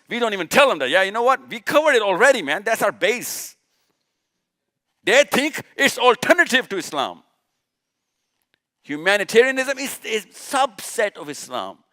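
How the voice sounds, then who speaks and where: A man's voice: high-pitched, bright, forceful tone. Emphatic man. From Pakistan. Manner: emphatic, rhetorical questions, repeats points. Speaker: speaker at a live session. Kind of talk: impassioned religious lecture.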